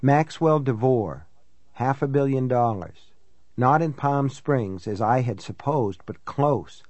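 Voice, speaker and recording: A man reads a first-person novel aloud at a measured, reflective pace. His voice sits in a middle pitch and sounds dry and close to the mic. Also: animated, darkish tone, no echo. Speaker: audiobook narrator.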